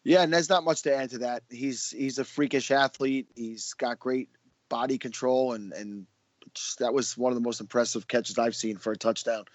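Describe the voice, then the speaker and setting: A man's voice: mid-range voice, normal speed, dry recording. A playful, joking man co-hosts a podcast. He sounds dry and a bit dull, as if on a simple remote microphone with no room around him. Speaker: podcast co-host. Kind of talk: casual podcast chat.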